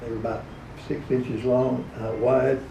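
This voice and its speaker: Gravelly man telling radio stories. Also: medium pitch, level tone, unhurried, dark tone, slight background noise. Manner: folksy, chuckling, slips into character voices. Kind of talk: anecdotal storytelling at a live event. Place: event hall. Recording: echoey room, recorded from far off.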